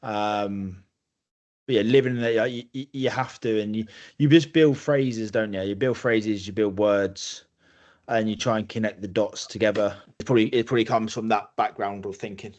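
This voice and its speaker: A man from England chats as a podcast guest in a fairly low voice. He tells anecdotes loosely, stumbling over restarts and slipping into little impressions of the people he quotes. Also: steady tone, normal speed, darkish tone, muffled recording. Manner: storytelling with many restarts, acting out quoted voices. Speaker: guest, rugby player. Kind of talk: casual podcast conversation.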